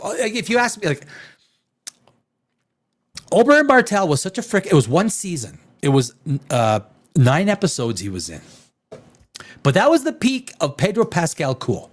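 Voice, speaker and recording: A man hosting a live stream, ranting casually with profanity, jumping between loud outbursts and low mutters. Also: huge pitch swings, a little slow, long pauses, husky. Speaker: live show host.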